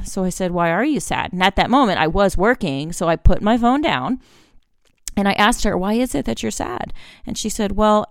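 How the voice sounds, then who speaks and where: A woman's voice: lowish voice, smooth, no echo, clean studio sound. A woman in her forties hosting a solo podcast, giving candid, chatty parenting advice and acting out little family conversations. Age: 40s. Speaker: podcast host.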